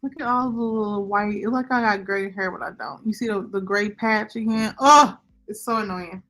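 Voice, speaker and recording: A young woman hosting a livestream chats casually, speaking directly to viewers and the chat. Her mid-range, fairly bright voice moves at a normal speed, picked up by a computer microphone.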